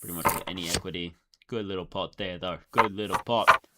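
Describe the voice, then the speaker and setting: A man giving casual running commentary as he plays online poker, thinking aloud and swinging from excited outbursts to low muttering. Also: a little fast, very noisy.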